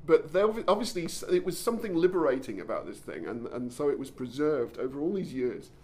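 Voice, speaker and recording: A man hosts a podcast in casual storytelling mode. His voice sits a bit high, and he is eager and animated. He restarts and stumbles often as the ideas run ahead of him. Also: quick pace. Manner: enthusiastic, with frequent restarts and stumbles. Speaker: podcast host.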